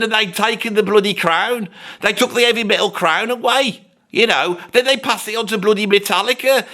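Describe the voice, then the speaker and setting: This comedy character is voiced by a man speaking high, pushed and bright. He plays a sixty-something rock veteran from Birmingham, accent and all, who grumbles, rambles and curses constantly in a funny rant.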